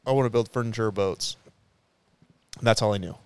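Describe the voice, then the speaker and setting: A young man with a low, smooth, resonant voice tells a story in a loose, profane way. He rambles and restarts often as he talks at a podcast round table. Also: a little fast, no room sound. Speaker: podcast co-host. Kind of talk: casual round table chat.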